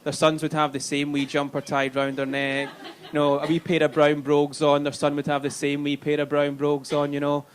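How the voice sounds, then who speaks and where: A man's voice: on the high side, monotone, fairly quick, hardly any pauses, a little hiss or hum. A man with a Glaswegian Scottish accent doing a live stand-up set, chatty and sweary, checking in with the crowd. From Scotland, Glasgow. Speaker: stand-up comedian. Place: comedy club stage.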